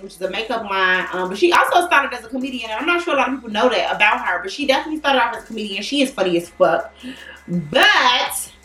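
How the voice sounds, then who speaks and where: A high-pitched, bright-voiced woman chats about celebrity gossip in an animated, slangy way. She sounds a little far from the mic in an echoey room. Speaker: podcast host. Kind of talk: casual celebrity gossip chat.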